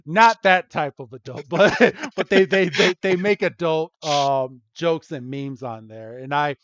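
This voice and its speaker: A man's voice: on the high side, unhurried, fairly bright tone, no room sound. A man hosting a podcast, retelling a story in casual chat with giggles and many hesitant ums. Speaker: podcast host. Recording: dull lo-fi podcast audio.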